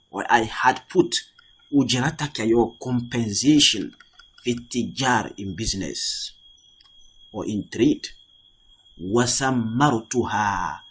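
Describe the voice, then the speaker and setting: Husky-voiced man teaching Arabic. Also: mid-range voice. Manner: patient, repeats and rephrases each point. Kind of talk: language lesson, translating line by line.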